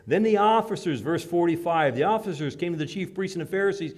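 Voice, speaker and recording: A man's voice: a little high, animated, fast talker, few pauses, a little mellow. A man preaching a sermon in an emphatic, dramatic way, acting out the voices he quotes.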